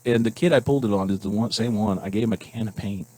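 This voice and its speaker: A man co-hosting a podcast who tells prank stories in a casual, animated way and laughs often. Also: fairly low pitch, fast, low-quality recording. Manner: animated storyteller, acts out voices, laughs often. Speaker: podcast co-host. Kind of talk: casual storytelling chat.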